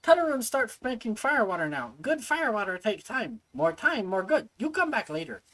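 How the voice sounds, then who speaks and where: A woman's voice: on the high side, sing-song, moderate pace, a bit bright, rough recording. A woman voicing a small gremlin-like shopkeeper who talks in broken, simple phrases about himself in third person. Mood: eager. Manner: broken caveman-style speech, third person.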